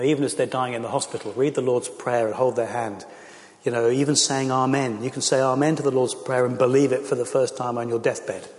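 Earnest pastor in an echoey hall. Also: male voice, medium pitch. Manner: earnest, passionate, with frequent fillers. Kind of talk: talk and Q&A to a church audience.

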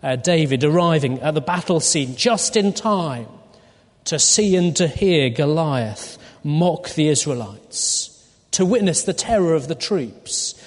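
A man preaching a sermon through a Bible passage, deliberate and full of rhetorical questions to his listeners. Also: on the high side. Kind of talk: expository sermon. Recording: long hall reverb.

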